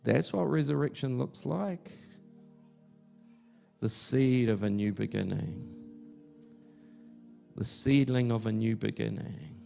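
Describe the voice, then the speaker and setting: A male pastor gives a sermon at a church service in a casual, rambling way. His voice has a gravelly, fry-laden texture. Quiet keyboard music plays faintly behind him. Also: mid-range voice, slow, long pauses. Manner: conversational, fillers and restarts.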